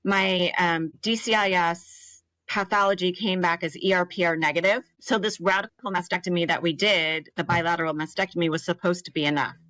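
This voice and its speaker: A woman in her thirties recounts her own story as an interview guest, her voice sitting somewhat low. She speaks earnestly and with emotion, briefly acting out the voices of others. The recording is dry and close, with no room sound. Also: steady tone, brisk, few pauses, pushed and bright, no room sound, poor audio. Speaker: podcast guest, cancer survivor.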